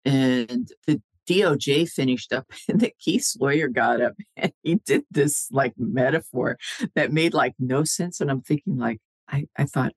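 A woman's voice: rumbling low, measured pace, no room sound. Laughing woman telling stories. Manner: animated storyteller, laughs often, acts out quoted dialogue. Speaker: guest. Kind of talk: casual chat.

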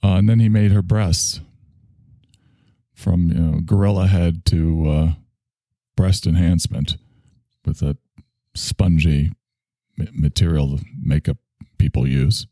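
A man's voice: sits low, steady tone, unhurried, long pauses, dark tone, no echo. A man in his sixties who hosts a show, rambling through a crude, joking solo monologue that keeps trailing off.

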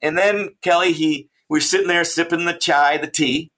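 A man, an author and traveler, telling a travel story as a guest in an interview, animated and laughing often. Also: fairly high pitch, moderate pace.

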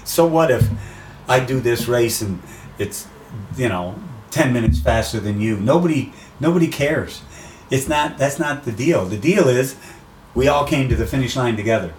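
Guy chatting in an interview, animated storyteller, kinda far from the mic and roomy. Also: medium pitch, moderate pace, a little hiss or hum. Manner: animated storyteller, acts out quotes. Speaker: interview guest. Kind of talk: casual conversation. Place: outdoors by the sea.

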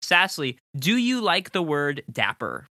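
A man acting as game master, playfully quizzing his players in quick questions and laughing often. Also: on the high side, sing-song, bright, forceful tone, no room sound, clean studio sound. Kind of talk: hosting a rapid-fire question round.

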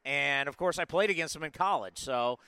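A man in his forties hosts a live sports show in a bright, forceful voice that stays smooth and crisp. His pitch sits a bit high for a man. He talks with energy and rambles through plenty of asides. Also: fairly quick, no echo. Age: 40s. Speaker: sports podcast host. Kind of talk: casual live sports talk.

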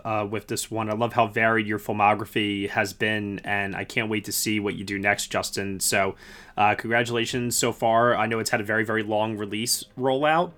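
A man's voice: fairly low pitch, fairly bright tone. A man hosting a film podcast, interviewing a guest in a friendly, appreciative way. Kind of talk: casual interview and podcast outro.

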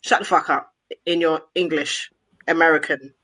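Bright tense-voiced woman on a podcast, blunt and dismissive. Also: deep voice, fairly even intonation, normal speed, husky. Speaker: podcast co-host. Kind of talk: casual podcast chat.

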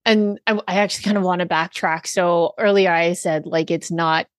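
Woman host, lowish voice, calm and thoughtful, dry close sound. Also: moderate pace, no echo. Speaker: podcast host. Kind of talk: conversational interview.

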